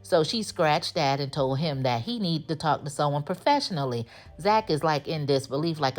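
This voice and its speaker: This woman recaps a TV episode in a chatty, sassy manner, acting out the characters' lines as she goes. Her voice sits low and animated, and she keeps a moderate pace.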